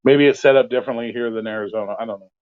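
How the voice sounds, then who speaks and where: A man's voice: mid-range voice, fairly even intonation, rapid-fire, smooth, no echo. A man hosting an open forum talk stream, ranting bluntly in casual chat and swearing constantly. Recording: dry, phone-like audio.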